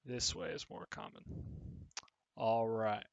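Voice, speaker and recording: A man teaching an English lesson to children, explaining patiently step by step with pauses and fillers. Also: fairly low pitch, little pitch movement, clear, resonant tone, no room sound, highs cut off. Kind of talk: recorded online English lesson.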